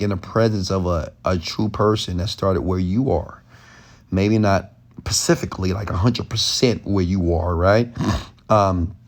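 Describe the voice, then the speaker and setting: Passionate low-voiced man streaming from bed. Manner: passionate, raises his voice often; loose, rambling, off the cuff. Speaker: entrepreneur and mentor, stream host. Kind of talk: late-night live Q&A, motivational rant. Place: lying in bed at home at night.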